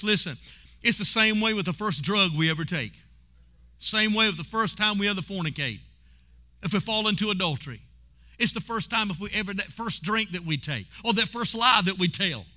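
Bright, forceful preaching man. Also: high-pitched, brisk. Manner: preaching with call-and-response, rising to shouts. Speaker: pastor. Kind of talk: sermon.

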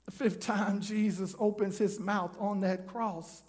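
A man preaching a sermon in an impassioned, shouting delivery. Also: sits high, steady tone, unhurried.

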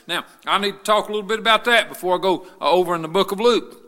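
Male pastor, bright and high-pitched, fervent sermon delivery, reverberant church sanctuary. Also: fast talker. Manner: rising to an impassioned preaching cadence, with many "uh" fillers. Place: church sanctuary, broadcast service. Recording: long reverb of a church hall.

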